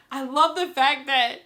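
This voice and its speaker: A woman filming a casual book reaction vlog, gushing and excitable, often laughing and repeating herself as she rambles. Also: sits high. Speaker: book vlogger. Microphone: camera she films herself with.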